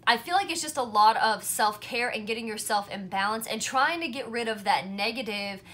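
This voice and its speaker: A woman's voice: fairly high pitch, moderate pace, fairly bright tone. A woman doing a casual pick-a-card tarot reading to camera, chatty and reassuring, often checking in with "right?" and "you know". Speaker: tarot reader.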